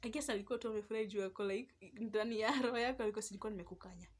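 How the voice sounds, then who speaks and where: A young Kenyan woman talks straight to her viewers in a chatty, animated vlog. Her voice sits a little high, and she moves freely between Swahili and English as she tells her story. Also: racing. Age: young adult. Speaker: vlogger. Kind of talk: casual storytelling.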